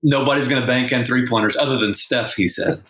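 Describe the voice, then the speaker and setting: A man's voice: mid-range voice, fairly even intonation, a little fast, a loud crowd. A male sportswriter co-hosting a podcast, talking in a wry, rambling way with many restarts. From San Antonio, Texas. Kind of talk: casual sports discussion. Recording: roomy echo.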